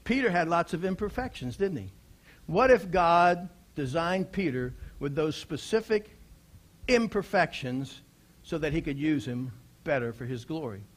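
A man preaching a sermon, asking the congregation rhetorical questions and swinging from hushed lines to loud exclamations. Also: on the high side, animated, a little slow.

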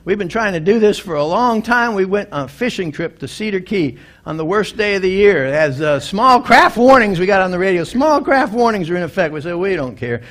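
High-voiced pastor preaching with rising fervor. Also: male voice, lively intonation, brisk, few pauses. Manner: storytelling, building to loud emphatic preaching. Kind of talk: sermon.

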